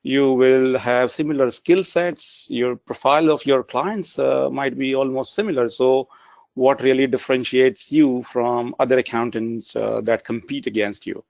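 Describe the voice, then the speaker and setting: Gravelly-voiced man presenting a webinar. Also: mid-range voice, normal speed, a little mellow, no room sound. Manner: earnest, frequent "uh" fillers. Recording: dry, dull lo-fi webinar audio.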